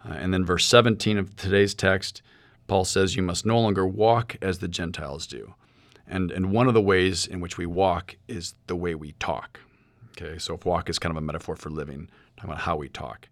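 A man's voice: sits low, steady tone, fairly quick, fairly bright tone, dry recording. A middle-aged man from St. Louis, a seminary professor, thinking aloud with fillers while discussing sermon plans on a podcast. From St. Louis, USA.

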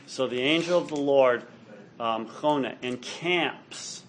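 Speaking slowly at a medium pitch, with a fairly bright tone, a man teaches Hebrew grammar in a classroom lecture. He's patient and thorough in his explanations, regularly asking students "all right?"

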